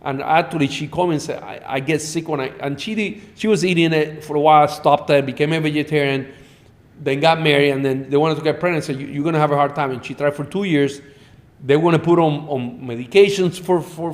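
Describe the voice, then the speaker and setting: A middle-aged man, a doctor guest on a podcast, telling animated patient stories in a blunt, profane way. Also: fairly high pitch, brisk. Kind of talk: storytelling in a podcast interview.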